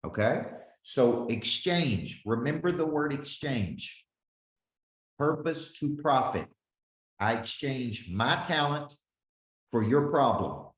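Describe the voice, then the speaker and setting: A man's voice: medium pitch, animated, slow pace, echoey room. A man in his forties, a business coach teaching a live webinar with lots of energy, calling on listeners by name and often checking in with "okay?". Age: 40s.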